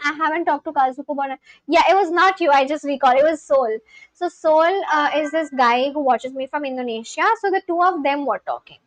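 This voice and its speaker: A woman's voice: high voice, no echo, poor audio. A woman streamer chatting casually and reading viewer messages aloud, reacting as she goes. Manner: chatty and reactive, with frequent restarts. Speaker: live streamer learning a language.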